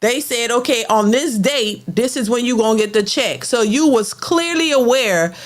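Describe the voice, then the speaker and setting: A woman's voice: on the high side, animated, moderate pace. Blunt, emphatic woman host ranting. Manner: blunt, emphatic, repeats words when worked up. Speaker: reaction channel host. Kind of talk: casual commentary rant.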